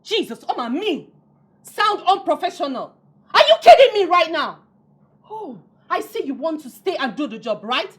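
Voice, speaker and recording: An actress playing a jilted ex-wife turned caterer, speaking with a Nigerian accent in a defiant, scornful way. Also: female voice, sits high, very animated, normal speed, a bit bright. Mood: furious. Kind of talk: film drama acting.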